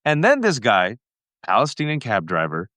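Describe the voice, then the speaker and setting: A man's voice: medium pitch, moderate pace, dry recording. An American man hosting an interview, telling an anecdote and acting out the voices he quotes. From United States. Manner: animated storyteller, acting out quotes. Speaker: host. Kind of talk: casual interview chat.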